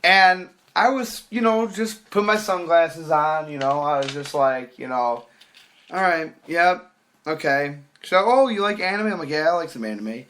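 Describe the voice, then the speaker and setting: Animated young man telling a story. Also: on the high side, measured pace. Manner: animated, acts out quoted voices, swears casually. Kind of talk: casual podcast storytelling.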